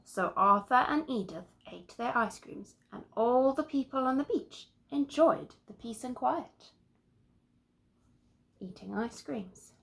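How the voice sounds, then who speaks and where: A woman teacher reads a children's story aloud with a lively, expressive voice. She takes her time, unhurried, with a touch of gravel in her tone. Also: on the high side, a little hiss or hum. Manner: expressive, asks the listeners questions.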